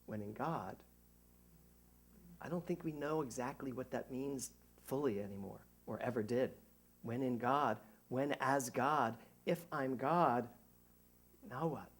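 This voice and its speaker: A middle-aged man, a minister, giving a conversational sermon to a congregation, animated and joking at his own expense. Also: medium pitch, unhurried. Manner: animated, jokey, self-mocking. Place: church service before a congregation.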